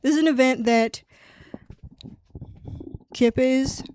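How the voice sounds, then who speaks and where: A woman's voice: high voice, takes it slowly, slight background noise. Rambling young woman reviewing a book. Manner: rambling, profane, animated. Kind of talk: casual chat.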